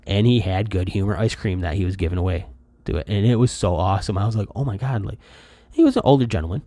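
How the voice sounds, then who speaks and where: A man's voice: low voice, fast talker, no room sound. A middle-aged man from Michigan hosting a podcast, rambling in casual chat with lots of fillers and restarts and bursts of energy when he acts out quotes. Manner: lively when acting out quotes. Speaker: podcast host.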